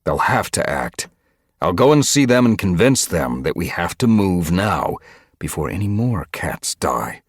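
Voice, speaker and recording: A man's voice: low-pitched, big pitch swings, unhurried, husky, dry recording, studio quality, exaggerated voice. A man voicing a firm, determined male cat who leads his clan, in an audiobook. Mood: insistent. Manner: firm, insistent. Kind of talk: audiobook character voice.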